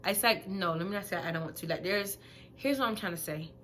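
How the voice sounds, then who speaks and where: A young woman, five months pregnant, telling a story in a blunt, profane, animated vlog rant that swings between loud outbursts and quiet asides. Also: fairly low pitch, quick pace, slight background noise. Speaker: vlogger.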